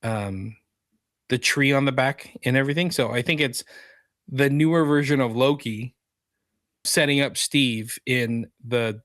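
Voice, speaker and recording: A man's voice: mid-range voice, measured pace, a bit bright, dry recording, studio quality. A man co-hosting a podcast, easygoing and agreeable in casual chat. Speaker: podcast co-host.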